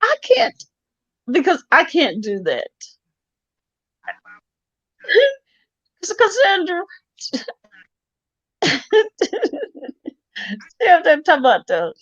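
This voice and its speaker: A man's voice: very high voice, bright, forceful tone, no echo. A man hosting a casual chat show, talking hesitantly with lots of giggling. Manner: giggly, hesitant, repeating himself. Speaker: show host. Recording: dull lo-fi sound.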